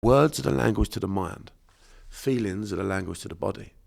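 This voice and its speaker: Lowish, gravelly and a little mellow, this man's voice moves a little fast. He's an unconscious mind therapist from Bermondsey, London, with a South London accent, appearing as a guest in a relaxed podcast interview where he's blunt, sweary and emphatic.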